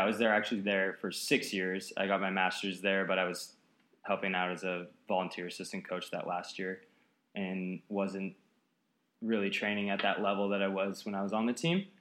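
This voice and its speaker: His lowish, fairly bright voice stays level at a normal speed, with a roomy sound from the apartment where he's recorded. A Seattle-area man in his late twenties, United States, he rambles through a casual podcast interview using plenty of fillers.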